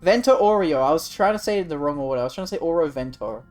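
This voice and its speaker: A woman streamer in rambling, profane live commentary who swears constantly and gets loudly excited. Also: sits low, very fast, faint music behind. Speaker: livestreamer.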